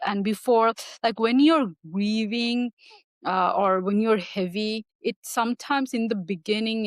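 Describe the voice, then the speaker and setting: A woman talking as a podcast guest, thoughtful and searching for her words, with small soft laughs. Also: medium pitch, no room sound. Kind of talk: reflective conversation.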